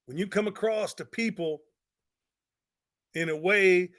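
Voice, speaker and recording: A man, a pastor, giving a motivational talk with energetic storytelling and repeated phrases for emphasis. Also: sits high, unhurried. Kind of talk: motivational talk to network marketers.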